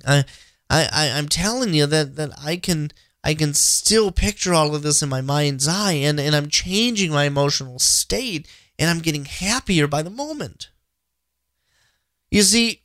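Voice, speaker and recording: A man's voice: fairly high pitch, fairly bright tone, no room sound. A man with a slightly raised voice gives an earnest, encouraging faith talk for his podcast, stumbling and restarting often as he repeats his key points. The sound is dry and close, with no room around it. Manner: earnest, repetitive, frequent restarts. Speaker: podcast host.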